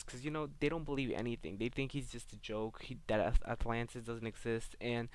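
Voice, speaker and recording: A man talks through a comic book issue in a relaxed video review, rambling from one scene to the next. His voice is smooth and clear but stays flat, with little rise and fall. He fills his pauses with "um" and "like". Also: medium pitch, dry recording. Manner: rambling, heavy on fillers like "um" and "like".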